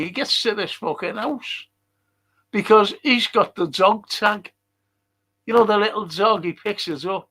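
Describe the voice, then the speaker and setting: A man's voice: sits high, gravelly, sharp tone. An older man hosting a livestream, rambling casually, swearing and chuckling as he reads out viewer comments. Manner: rambling and profane, chuckling often. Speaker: livestream host.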